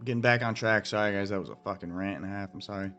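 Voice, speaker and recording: A man's voice: on the low side, racing, sharp tone, muffled recording, soft background music. A man hosting a crypto trading channel, talking straight to viewers in a blunt, profane, emphatic rant while he walks through his chart analysis.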